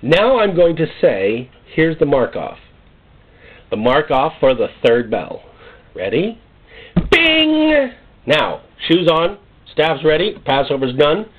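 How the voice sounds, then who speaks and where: God as a patient, commanding voice, as a preacher puts him on. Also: male voice, fairly high pitch, big pitch swings, unhurried, breathy edge, full character voice. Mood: assuring. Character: God speaking, male, patient commanding deity. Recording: tinny phone-like sound.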